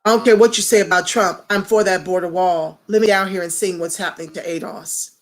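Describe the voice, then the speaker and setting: A woman's voice: on the low side, fairly even intonation, a little fast. A woman hosting a casual livestream, talking straight to viewers and greeting commenters by name. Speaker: livestream host.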